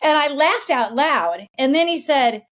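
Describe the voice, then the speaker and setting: A woman's voice: high voice, a little slow. Chatty woman telling a story. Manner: chatty, animated, laughs while telling stories. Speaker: podcast host. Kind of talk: casual storytelling.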